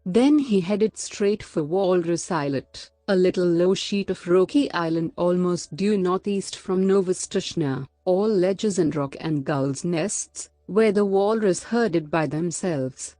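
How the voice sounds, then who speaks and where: A woman storyteller reading a storybook aloud in a calm, measured manner. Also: lowish voice, no echo, clean studio sound, soft background music.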